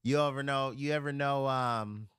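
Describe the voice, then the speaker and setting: A man on a casual livestream, drinking while he chats. He rants in profane, rambling bursts, swinging from loud outbursts to low mutters, speaking from home. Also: steady tone, moderate pace, smooth, dry recording, studio quality. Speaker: live streamer. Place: at home near a refrigerator.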